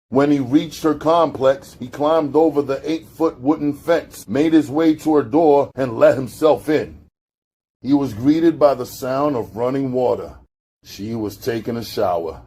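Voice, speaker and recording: A man narrating a gritty street novel as an audiobook, in a low-key, unhurried storytelling manner with street slang. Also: dark tone.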